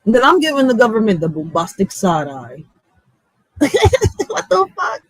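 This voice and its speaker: A woman's voice: medium pitch, wildly swooping pitch, unhurried, breathy edge, dry recording, rough recording. A woman with a Philadelphia accent, a block captain ranting bluntly and profanely in a casual vlog. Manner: blunt, profane, fired-up street talk.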